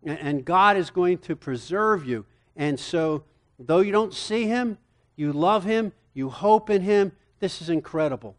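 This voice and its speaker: A middle-aged man teaching a counseling seminar from Scripture. He speaks in an animated way and keeps asking rhetorical questions. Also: high voice, measured pace. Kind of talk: lecture-style Bible teaching.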